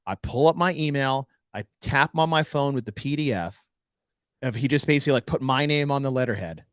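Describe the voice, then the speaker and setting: Podcast co-host, male, animated storyteller who voices the people in his story, dry close mic. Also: mid-range voice, a little fast, clean tone, dry recording. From United States. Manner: animated storyteller acting out dialogue. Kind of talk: casual storytelling chat.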